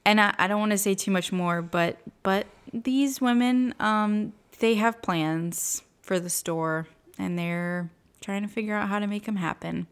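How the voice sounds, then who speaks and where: A woman's voice: mid-range voice, measured pace, few pauses, clear, resonant tone. A woman co-hosting a podcast in casual chat, laughing often and poking fun at herself. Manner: laughs often, giggly and self-deprecating. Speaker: podcast co-host.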